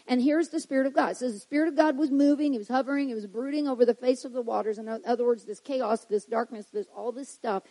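A woman preaching a sermon, reading scripture and building to loud emphatic declarations before dropping to quiet asides. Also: a little high, poor audio.

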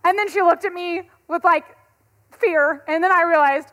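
A woman in her thirties, a pastor giving a conversational sermon, telling stories in an animated way and laughing often. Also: extremely high pitch, normal speed.

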